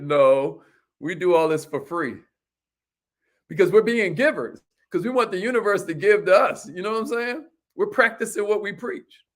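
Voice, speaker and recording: High voiced guy hyping up his livestream crowd, lots of "let's get it" and y'all. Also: normal speed. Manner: energetic, repetitive call-and-response hype with "y'all"; shouts out viewers by name. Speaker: motivational livestream host. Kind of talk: hyped motivational livestream.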